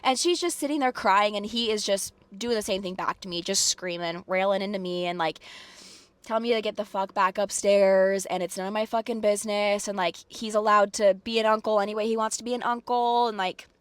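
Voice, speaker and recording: A woman vlogger telling a personal story in casual chat, animated and emphatic, filling her talk with "like". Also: medium pitch, clean tone, no echo. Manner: animated, fillers of "like" throughout; quick, emphatic retelling with acted quotes.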